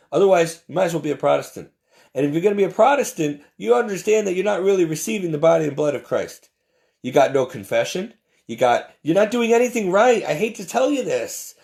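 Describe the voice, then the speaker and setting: A man's voice: fairly high pitch, gravelly, darkish tone. A man delivering an impassioned, preachy monologue about faith, emphatic and often stumbling over repeated words. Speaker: Catholic commentator.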